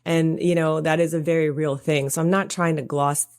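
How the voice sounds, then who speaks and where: A woman's voice: low voice, fairly even intonation, moderate pace, a little mellow, clean tone. A woman coach speaking as a podcast guest, earnest and reassuring, explaining her ideas with examples. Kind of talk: casual interview chat.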